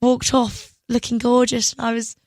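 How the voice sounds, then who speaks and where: A young woman, a singer, telling stories in an excitable, giggly way as a radio guest. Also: on the high side, normal speed, no echo. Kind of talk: casual interview chat. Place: radio studio.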